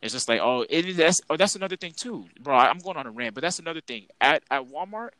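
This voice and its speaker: A young man on a podcast goes off in a long, exasperated rant, packed with slang and cursing. His voice has a bright, forceful edge, and the sound is close and dry, with no room around it. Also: fairly high pitch, fast talker, dry recording, low-quality recording. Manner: animated, exasperated ranting with heavy slang and profanity. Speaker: podcast co-host.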